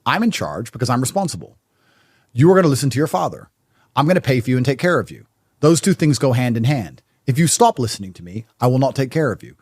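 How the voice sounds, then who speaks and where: Blunt, animated man on a podcast. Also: mid-range voice, fast, slightly rough. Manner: blunt, emphatic and stubborn in tone. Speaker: podcast guest. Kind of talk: casual podcast conversation.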